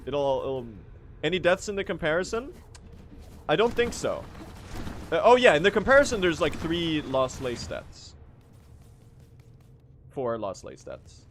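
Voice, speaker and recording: Lively joking young male streamer. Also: a little high, a little slow, long pauses, a little hiss or hum. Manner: joking, chatty, answers chat. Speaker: speedrunning streamer. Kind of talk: casual live-stream chat.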